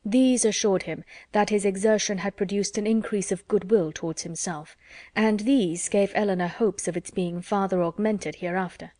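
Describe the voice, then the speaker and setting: A woman narrating a classic novel as an audiobook in a measured, even reading. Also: mid-range voice, no room sound, clean studio sound.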